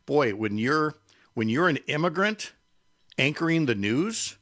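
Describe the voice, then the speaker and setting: A man's voice: fairly high pitch, expressive, unhurried, a bit bright, no room sound, studio quality. An older man, a radio host and interview guest, chatting casually and telling stories with self-deprecating humor.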